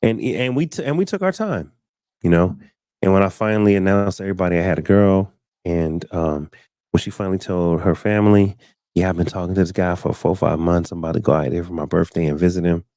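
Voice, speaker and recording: A man in his thirties hosting a live talk stream, telling a personal story casually and acting out quoted lines with sudden high jumps in his voice. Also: a little fast, no room sound, studio quality. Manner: animated storyteller, acts out quotes with big pitch jumps. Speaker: show host. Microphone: studio mic, live stream.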